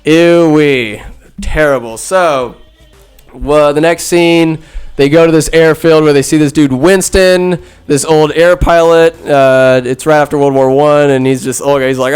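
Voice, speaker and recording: Guy doing a goofy movie recap, kinda high voice, smooth, sarcastic and rambly, faint music under it. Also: fairly even intonation, unhurried. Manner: sarcastic, rambling, jumps into loud asides. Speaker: podcast host.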